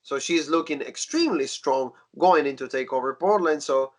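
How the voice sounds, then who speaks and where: A man with a somewhat high-pitched voice co-hosts a casual podcast. He recaps events in an easygoing way, with plenty of filler. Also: moderate pace. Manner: relaxed recapping with fillers like "you know". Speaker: wrestling podcast co-host.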